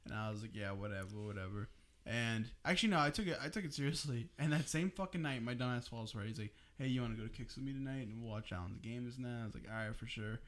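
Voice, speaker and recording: A young man co-hosting a podcast, telling a story casually among friends in an animated way, swearing freely and laughing as he goes. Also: medium pitch, fast. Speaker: podcast co-host.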